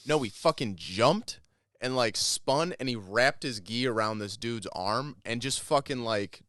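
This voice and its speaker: A man's voice: mid-range voice, a little slow, no echo. A man with a mid-range voice tells a story with plenty of cursing, backing up and restarting as he builds it. The sound is dry and close. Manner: animated storyteller, profane, self-correcting. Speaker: podcast co-host. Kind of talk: casual chat.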